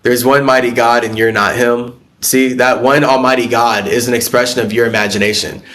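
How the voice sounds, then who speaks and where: Man, middle pitch, spiritual live-stream monologue, blunt, profane, rambling, talking back to viewer comments. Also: flat delivery, a little fast, fairly bright tone. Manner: answers viewer comments directly.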